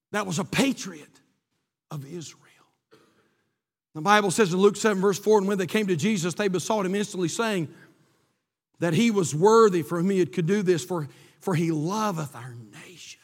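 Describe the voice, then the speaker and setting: A man's voice: high voice, moderate pace, pauses often, long reverb tail. A male pastor preaching a sermon to his congregation, reading scripture aloud and building to passionate peaks. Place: church sanctuary.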